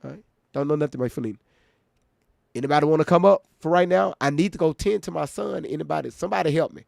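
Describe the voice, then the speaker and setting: A man's voice: a little high, fast talker, creaky, darkish tone, dry recording, studio quality. A man hosting a reaction livestream, talking bluntly and with profanity straight to his viewers in casual chat.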